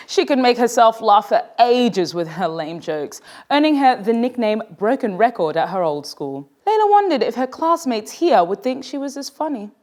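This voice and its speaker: Lively woman reading a story aloud. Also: fairly high pitch, moderate pace. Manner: lively, playful and expressive. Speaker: author reading her book. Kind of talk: storytelling read-aloud for children.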